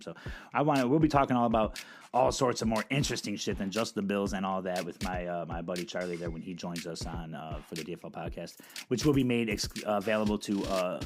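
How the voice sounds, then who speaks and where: A middle-aged man with a somewhat low voice rambles through his own podcast, cursing casually and tripping over his words. Music plays clearly under his voice the whole time. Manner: rambling, profane, with many fillers and restarts. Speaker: podcast host. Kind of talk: casual monologue. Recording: music playing behind.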